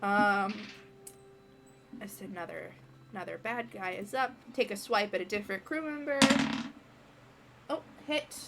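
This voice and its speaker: A woman running a tabletop game as game master, narrating the action in an animated way with frequent fillers. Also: medium pitch, a little slow, gravelly, pauses often, background noise.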